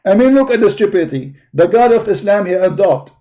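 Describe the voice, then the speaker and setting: Mocking, combative man with a dark voice. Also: high-pitched, lively intonation, brisk. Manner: mocking, insulting, emphatic repetition. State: tired voice. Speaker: host of a live call-in debate stream. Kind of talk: combative livestream commentary while searching a website.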